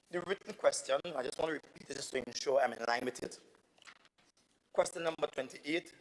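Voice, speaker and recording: A man's voice: medium pitch, big-room sound, rough recording. A man with a Tobagonian accent, an assemblyman arguing emphatically and repeating himself in a parliamentary debate. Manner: indignant, emphatic, repetitive. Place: legislative assembly chamber.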